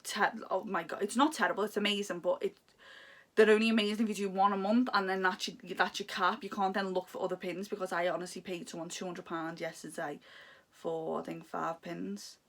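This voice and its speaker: A young woman vlogs from a room at home, chatting candidly about her life in long, rambling runs that feel heartfelt and confiding. Her mid-range voice is a bit bright, with a flat, brisk delivery.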